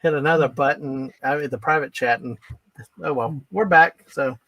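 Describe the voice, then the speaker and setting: A man chatting casually on a live stream, relaxed and easygoing. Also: mid-range voice, normal speed, dry recording, dull audio.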